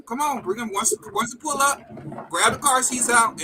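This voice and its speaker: An extremely high-pitched, expressive man talks briskly over a noisy background, hosting a live talk stream from a video call setup. An adult with a wife and kids, he tells a personal story bluntly, profanely and heatedly, acting out the quoted dialogue.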